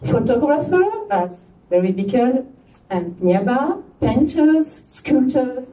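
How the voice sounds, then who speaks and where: A woman with a French accent gives an opening speech in a mellow, fairly high voice, slipping in chatty asides. She is heard from far off in an echoey room over a faint hiss. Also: sing-song, slow pace. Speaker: chairperson of an arts organization. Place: gallery opening event.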